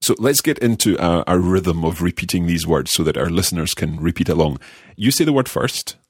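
A deep-voiced man leads a podcast language lesson in a friendly, measured way. His voice has a slightly husky edge and sits in a dry, close studio sound. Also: expressive, no echo. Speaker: language course host and learner.

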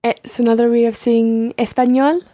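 A woman's voice: fairly high pitch, flat delivery, normal speed, warm tone, no echo. A woman co-hosting a language lesson, giving short, prompt answers to the teacher's questions. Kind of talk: lesson responses.

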